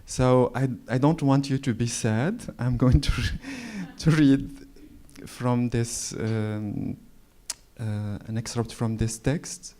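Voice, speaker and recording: A man in his forties from Morocco with a Moroccan French accent, speaking in a halting, hesitant way and reading his own prose at a library event. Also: mid-range voice, dark tone. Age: 40s. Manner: hesitant, halting, frequent fillers. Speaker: author. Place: public library event hall.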